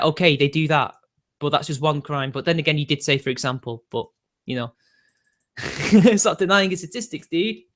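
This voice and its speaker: A man's voice: a little high, a bit bright. A young man, arguing defensively with his live-stream chat and laughing between points.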